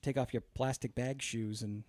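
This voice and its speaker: A man's voice: mid-range voice, fairly even intonation, moderate pace, a little mellow, slight background noise. A man hosting a podcast, telling a long, exasperated story in a casual, profane way full of fillers. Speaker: podcast host.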